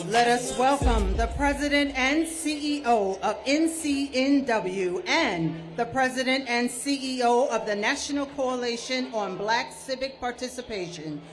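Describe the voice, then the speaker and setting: A woman's voice: a little high, expressive, measured pace. Woman emcee, formal introductions, music playing behind. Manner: formal, announcing. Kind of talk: speaker introductions. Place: outdoor street rally.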